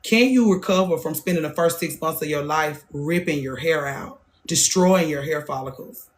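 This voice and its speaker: A woman in her thirties, a hairstylist who hosts her own show, delivers a casual monologue that is blunt and profane, repeating herself for emphasis. She has a low-pitched voice and a moderate pace.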